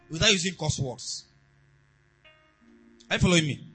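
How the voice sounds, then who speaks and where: A man delivers a sermon in a high, bright voice with a slightly husky edge. He swings from hushed asides to loud exhortation, with his pitch leaping all over. Faint music plays behind him. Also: expressive, moderate pace, long pauses, poor audio. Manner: emphatic preaching, swinging between quiet asides and loud exhortation. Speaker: pastor.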